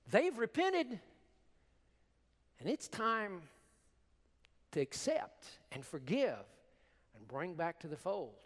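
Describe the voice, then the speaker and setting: A man preaching a sermon as pastor, emphatic and animated, with repeated words for stress. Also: a little high. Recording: long hall reverb.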